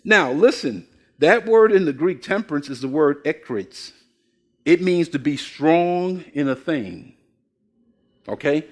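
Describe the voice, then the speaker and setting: A man's voice: on the high side, lively intonation, slow pace. An older man preaching a sermon, asking the congregation questions and telling folksy stories with acted-out voices. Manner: folksy storytelling, acts out quoted voices. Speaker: pastor.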